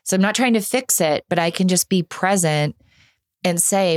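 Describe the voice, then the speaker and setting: Earnest woman with a lowish voice. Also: moderate pace, no room sound, clean studio sound. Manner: earnest and animated, frequent restarts. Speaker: podcast guest. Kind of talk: candid conversational storytelling.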